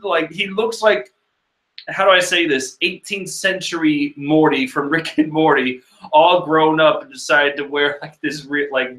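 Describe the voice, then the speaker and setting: A man's voice: a little high, little pitch movement, unhurried, a bit bright. A man casually reading through a manga chapter and rambling with joking asides. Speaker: manga reader host. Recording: echoey room.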